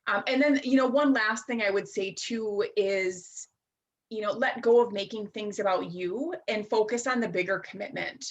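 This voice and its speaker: A woman in her thirties speaking as a life-coach guest in an interview. She talks reflectively and chattily, with fillers and quick asides. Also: mid-range voice, highs cut off. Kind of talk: casual interview chat.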